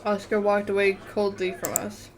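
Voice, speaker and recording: A woman's voice: medium pitch, level tone, moderate pace. A woman reading the text of a story game aloud in a casual let's-play manner, often tripping over words and correcting herself. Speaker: gamer reading a visual novel aloud.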